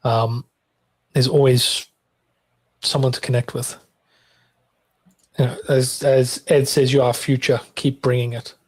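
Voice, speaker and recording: A man's voice: medium pitch, flat delivery, unhurried, long pauses, darkish tone. Podcast host guy from south africa, chatty storyteller, lots of kind of and restarts. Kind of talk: casual chat.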